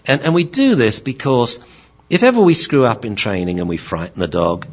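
A man, a dog trainer, giving a lively lecture-style talk and acting out the people in his stories, on a slightly dull, lo-fi recording. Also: mid-range voice, moderate pace, very noisy.

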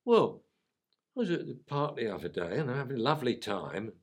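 A man's voice: medium pitch, very animated, fairly quick. A man voicing a worried young male puppy with a London accent, rambling anxiously about his owner.

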